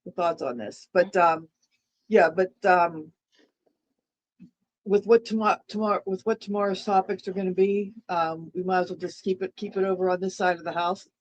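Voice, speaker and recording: A woman's voice: lowish voice, fairly even intonation, normal speed, low-quality recording. Rambling woman co-host, eating while talking. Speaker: livestream co-host. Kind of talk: casual livestream chat.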